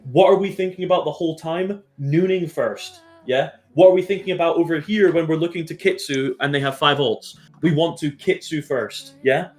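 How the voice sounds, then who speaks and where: A man's voice: fairly high pitch, normal speed, hardly any pauses. A man coaching his esports team through a match review, direct and blunt, swearing freely and checking in with his players often. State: has the hiccups.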